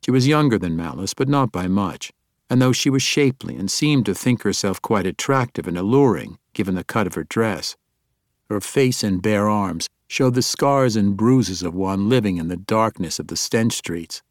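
A man narrating a fantasy audiobook in a measured, even storytelling manner. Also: on the low side, no room sound, studio quality.

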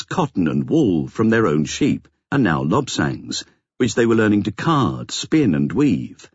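A man narrating an audiobook in a steady, expressive reading, on a slightly dull lo-fi recording. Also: deep voice, slightly rough, no echo. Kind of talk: scripted narration.

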